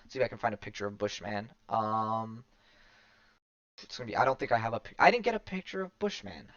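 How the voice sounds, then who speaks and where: A man's voice: lowish voice, quick pace, a bit bright, no room sound. A man talks through a comic story in loose podcast chat, full of "um"s, restarts and backtracking. His voice comes through a dull lo-fi recording. The sound is dry and close, with no room around it. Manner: rambling, many fillers and restarts. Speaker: podcast host. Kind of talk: casual chat recapping a comic.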